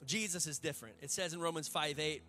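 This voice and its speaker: Pastor guy preaching, high bright voice, soft music behind. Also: fast. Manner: fervent, conversational preaching with folksy asides. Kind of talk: sermon. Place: church hall with a congregation.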